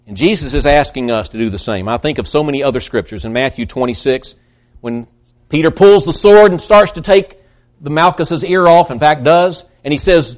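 A man preaching a sermon, swinging between loud emphatic peaks and hushed, soft passages, often repeating words as he builds. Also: a little high, normal speed. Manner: repeats words when excited.

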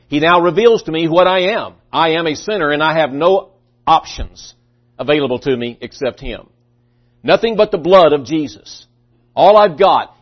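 Earnest preaching man, lo-fi sound. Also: fairly high pitch. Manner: earnest, emphatic, with restarts. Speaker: pastor. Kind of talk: sermon. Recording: dull lo-fi recording.

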